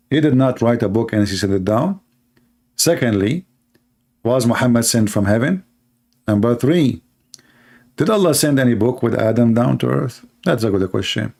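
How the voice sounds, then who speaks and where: Sarcastic male commentator, non-native English, mid-pitched voice that leaps up for mocking outbursts. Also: a little mellow. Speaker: online commentator. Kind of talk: screen-reading commentary.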